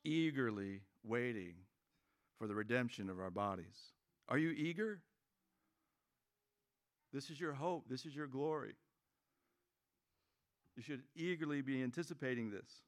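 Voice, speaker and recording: A man's voice: medium pitch, normal speed, pauses often. A man preaching a sermon as pastor, conversational and joking, acting out quoted voices.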